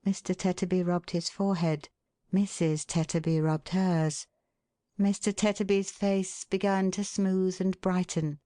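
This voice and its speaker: A woman narrating a classic novel as an audiobook in a measured, even reading. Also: lowish voice, no room sound, clean studio sound.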